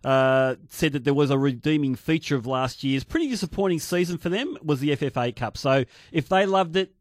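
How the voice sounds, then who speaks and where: A man on a sports radio panel in a studio, measured and analytical. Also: fairly high pitch, no room sound.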